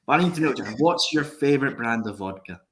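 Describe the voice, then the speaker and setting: Jokey Scottish podcast host. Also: male voice, mid-range voice, lively intonation, quick pace, fairly bright tone, a little hiss or hum. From Scotland. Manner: jokey, swears freely, asks eager questions. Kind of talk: casual podcast chat.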